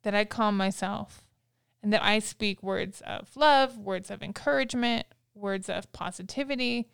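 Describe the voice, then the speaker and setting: Middle-aged woman host, resonant and clean-toned, earnest and reflective, stops to dig deeper into a point. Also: vocal fry, fairly bright tone, clear, resonant tone. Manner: earnest, reflective, interjects to pause and probe. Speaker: podcast host. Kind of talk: casual parenting chat.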